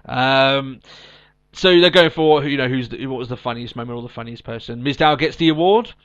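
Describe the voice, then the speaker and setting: A man's voice: mid-range voice, normal speed, a bit bright, muffled recording. A man co-hosting a podcast in casual chat, recapping with lots of ums and restarts. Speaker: podcast co-host.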